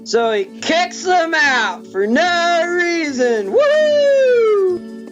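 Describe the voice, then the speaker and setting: A drunk film reviewer rambling through a profane comic plot recap. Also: medium pitch. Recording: dull lo-fi with faint music.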